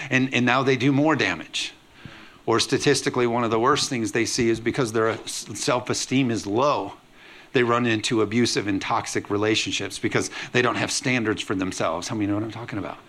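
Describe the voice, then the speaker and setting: A man preaching a sermon to a congregation as pastor, emphatic and lively, often asking the room if they are with him. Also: medium pitch, fairly quick. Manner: emphatic preaching with call-and-response questions to the congregation. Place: church sanctuary.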